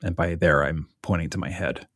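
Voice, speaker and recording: Male podcast host: very low voice, dry close mic, frank and enthusiastic. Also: steady tone, fairly bright tone, no echo. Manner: enthusiastic, candid, quick to agree. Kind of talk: casual interview chat.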